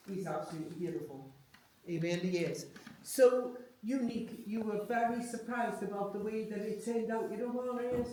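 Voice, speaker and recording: A woman's voice: medium pitch, normal speed, darkish tone. A woman working as a medium, relaying messages to a sitter in a chatty way, with frequent tag questions. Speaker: medium giving a reading. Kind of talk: live psychic reading to a sitter. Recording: echoey room from far off, faint noise.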